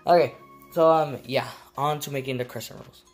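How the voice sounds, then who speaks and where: A woman's voice: very deep voice, fairly even intonation, normal speed, faint music behind. A woman chatting casually to camera in a home kitchen, rambling and giggling, with lots of fillers. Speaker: vlogger.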